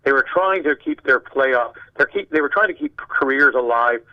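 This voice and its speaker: An older man from Canada, a guest sportscaster, chatting casually and telling animated anecdotes with acted-out dialogue. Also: mid-range voice, normal speed, muffled recording. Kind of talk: casual conversation, storytelling.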